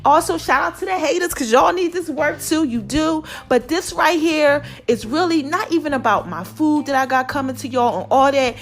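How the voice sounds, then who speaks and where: A woman's voice: sits high, normal speed, hardly any pauses. A middle-aged woman, hosting her own podcast as a passionate, preachy motivational monologue addressed straight to listeners. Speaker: podcast host.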